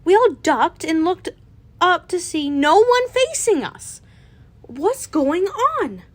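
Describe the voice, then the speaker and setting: High-voiced young woman reading fanfiction. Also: expressive, a little slow, no echo. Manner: casual, with slips and small laughs. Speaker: fanfiction reader. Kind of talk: amateur story reading.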